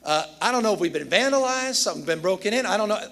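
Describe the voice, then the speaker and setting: A man voicing his excitable hotel engineer, who calls in a panic. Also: sits high, fast talker. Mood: excited.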